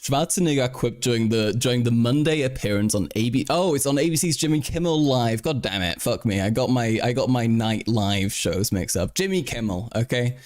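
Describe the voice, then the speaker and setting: A young man hosting a live stream, talking loosely and profanely as he reads headlines aloud. He stumbles and restarts often, his voice at an ordinary middle pitch. The tone is casual and offhand. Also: moderate pace, few pauses, a little mellow. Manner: rambling, profane, frequent restarts. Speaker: livestream host. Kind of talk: casual chat.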